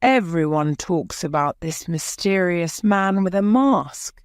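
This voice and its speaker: A woman voicing a gentle young nobleman who hates fighting, pleading softly in an audiobook. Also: on the low side, animated, slow pace, clear, resonant tone, no echo, studio quality. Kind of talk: audiobook character voice.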